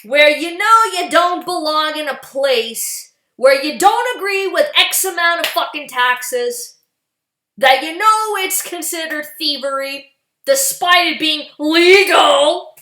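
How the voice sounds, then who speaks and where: Furious profane woman ranting, high voice. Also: slow pace, bright, forceful tone, reverberant. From Canada. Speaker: political vlogger. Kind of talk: angry political rant.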